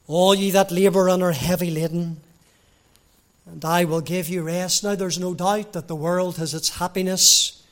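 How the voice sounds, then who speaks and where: Fervent slow-preaching man. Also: high voice. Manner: fervent, rising to loud emphatic passages. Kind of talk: evangelistic sermon.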